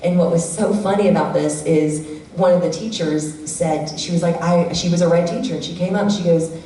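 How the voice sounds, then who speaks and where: A middle-aged woman giving a community workshop talk in a church hall, telling lively personal stories and acting out what her family members say. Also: fairly low pitch, brisk. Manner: animated storyteller who acts out quoted family members. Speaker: workshop presenter. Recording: echoey hall from far off, faint room noise.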